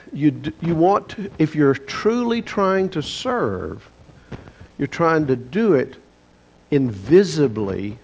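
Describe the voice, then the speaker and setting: A man's voice: fairly high pitch, gravelly, darkish tone. A man with a Texan accent teaching a Bible lesson in a folksy, explanatory storytelling manner. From Texas, USA. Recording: dull lo-fi recording with faint hiss.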